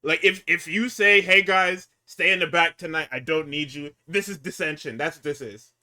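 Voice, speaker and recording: A man's voice: fairly high pitch, normal speed, sharp tone. A man co-hosting a podcast, ranting heatedly in casual, profane chat. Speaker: podcast co-host.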